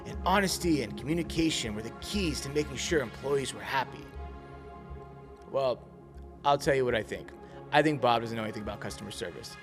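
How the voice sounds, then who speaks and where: A man telling a restaurant story and critiquing the service in an indignant, emphatic way. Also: mid-range voice. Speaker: restaurant reviewer. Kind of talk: storytelling commentary.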